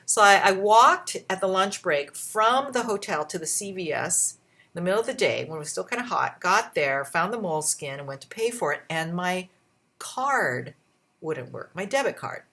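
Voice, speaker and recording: Lively woman telling a story, low voice. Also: moderate pace. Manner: animated retelling with shifting pitch and pace; acts out quoted voices. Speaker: vlogger. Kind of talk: casual storytelling vlog.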